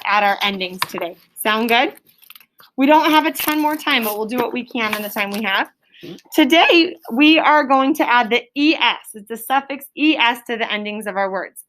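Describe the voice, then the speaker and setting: Bright, somewhat high woman teacher in a classroom, stretching out spelling words for third graders. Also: slight background noise. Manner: clear, drawn-out word sounding. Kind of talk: classroom phonics lesson.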